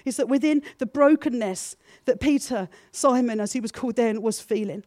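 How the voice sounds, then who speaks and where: Earnest high-voiced woman preaching. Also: normal speed, no room sound, studio quality. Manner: earnest, builds from soft confessional to emphatic. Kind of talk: sermon.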